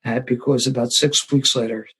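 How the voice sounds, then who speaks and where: A man's voice: mid-range voice, fairly even intonation, normal speed, fairly bright tone, slightly rough, rough recording. A man, telling a self-deprecating story to a live recovery meeting and acting out the voices he quotes. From Philadelphia area. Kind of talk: storytelling talk to a live audience.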